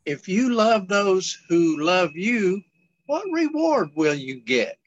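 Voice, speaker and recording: Man, reading scripture aloud, very slow, careful, dry muffled call audio. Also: high-pitched, very animated. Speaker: study group participant. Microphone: remote call.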